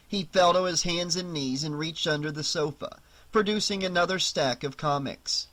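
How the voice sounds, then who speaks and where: An audiobook narrator reading a horror novel aloud with expressive storytelling. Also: medium pitch, normal speed.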